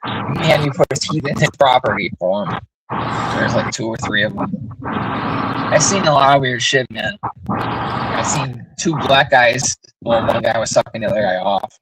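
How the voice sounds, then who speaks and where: A man's voice: mid-range voice, unhurried, very noisy. Blunt, profane man telling stories. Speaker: livestream host. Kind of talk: casual chat.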